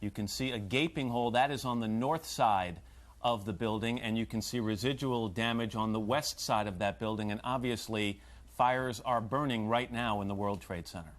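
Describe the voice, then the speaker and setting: A man anchoring live breaking news, questioning a caller and recapping for viewers in a measured way. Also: lowish voice.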